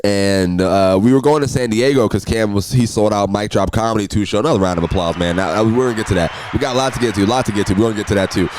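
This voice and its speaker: A young man hosting a solo podcast, telling road stories in an animated, ranting way that jumps high and loud when he gets worked up. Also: fast talker, hardly any pauses. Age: young adult. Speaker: podcast host.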